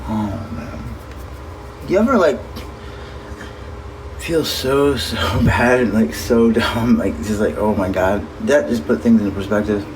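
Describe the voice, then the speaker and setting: A man's voice: fairly low pitch, animated, unhurried, long pauses, background noise. A man chatting casually on a livestream, talking straight to his viewers and swearing freely.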